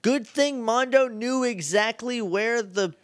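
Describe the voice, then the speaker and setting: A man co-hosting a podcast, chatting casually and joking as he recaps a TV episode, slipping into quick character impressions. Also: extremely high pitch, fairly bright tone, smooth, dry recording, studio quality. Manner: jokey, mimics characters in quick asides. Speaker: podcast co-host.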